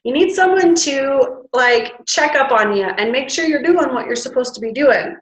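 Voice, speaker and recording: Standing before a live audience in a room, a female wellness workshop presenter delivers a chatty motivational talk in a high, animated voice at moderate pace, using sighs to demonstrate breathing. The low-quality recording has a roomy sound.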